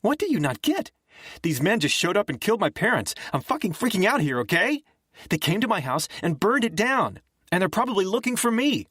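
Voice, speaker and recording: A man voicing a frightened, sick teenage girl who bursts out shrill and tearful, in an audiobook reading. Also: animated, measured pace, gravelly, dry recording, clean studio sound, heavily acted. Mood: furious panic.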